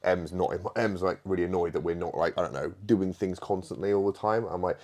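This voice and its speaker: A man's voice: low voice, fairly even intonation, brisk, a little mellow. A man hosting a podcast, chatting casually with a friend, laughing often and swearing freely. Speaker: podcast host.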